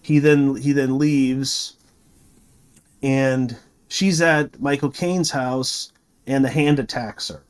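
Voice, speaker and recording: A man's voice: medium pitch, fairly even intonation, slow pace, clear, resonant tone. A man reviewing a movie, retelling the plot in a rambling, casual way full of fillers and restarts.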